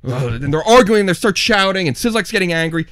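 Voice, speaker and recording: A man's voice: high voice, quick pace, clear, resonant tone, dry recording. A man co-hosting a podcast, telling a long story in casual chat and acting out what people said. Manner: animated storyteller, acts out quotes. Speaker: podcast co-host. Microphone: studio podcast mic.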